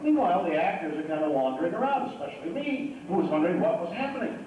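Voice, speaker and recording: A man tells a rambling, joking story on stage at a fan convention. His voice sits high and swings widely in pitch. It was captured on a home video camera far back in a big hall, so it sounds muffled and echoey under loud noise. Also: sing-song, fast. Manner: rambling, joking, many restarts. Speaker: convention guest speaker. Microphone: home video camera in the audience. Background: noisy audience.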